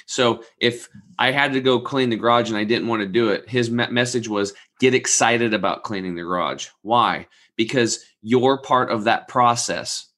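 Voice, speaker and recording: A man in his forties with a bright, forceful tone tells a rambling personal story in a casual chat. He animates it by acting out the people he quotes, and drops casual swearing along the way. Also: mid-range voice, normal speed. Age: 40s. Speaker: guest telling a story.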